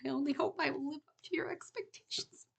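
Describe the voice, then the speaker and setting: A woman reading aloud, voicing a meek, forgiving teenage boy who speaks softly. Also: sits high, a little fast, vocal fry, pitched above the performer's own voice. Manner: meek, soft.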